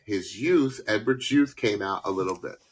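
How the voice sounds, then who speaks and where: A man's voice: lowish voice, moderate pace, poor audio. A man co-hosting a podcast, chatting casually in a put-on New York accent and drawing out his points. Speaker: podcast co-host. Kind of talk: casual reaction chat.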